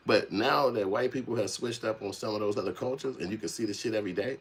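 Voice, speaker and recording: A man hosting a casual livestream, talking with animated, profane energy and acting out the voices he quotes. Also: lowish voice, fast talker, hardly any pauses, slightly rough. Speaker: channel host.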